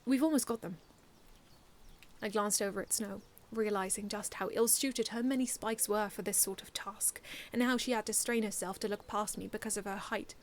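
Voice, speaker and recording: A woman reading her own first-person fan story aloud in an earnest, expressive way, often restarting lines. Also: medium pitch, brisk, few pauses, slight background noise.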